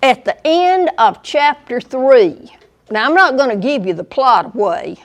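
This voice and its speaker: A woman with a Southern US accent giving a museum lecture, deliberate and dry, with wry asides to the audience. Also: high voice, lively intonation. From American South. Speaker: guest lecturer.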